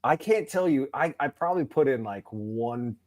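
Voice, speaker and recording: A man's voice: mid-range voice, expressive, normal speed, a little mellow. A man, a podcast guest and author, telling profane, rambling anecdotes in casual talk and acting out the people he quotes. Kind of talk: casual storytelling.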